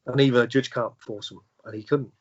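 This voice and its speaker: A man, a podcast guest, telling a personal story in a halting way, with many restarts and repeated words. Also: mid-range voice, steady tone, lo-fi sound. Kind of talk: conversational storytelling.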